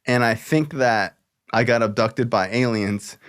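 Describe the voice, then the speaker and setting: The podcast host's voice is medium-pitched, unhurried and smooth as he casually tells a story, bringing it to life by acting out each character's voice.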